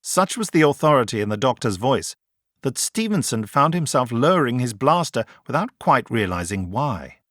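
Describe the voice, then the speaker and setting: Guy reading an audiobook, steady storytelling, dead dry studio sound. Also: mid-range voice, no echo. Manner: measured, even storytelling. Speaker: audiobook narrator. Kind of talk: scripted narration.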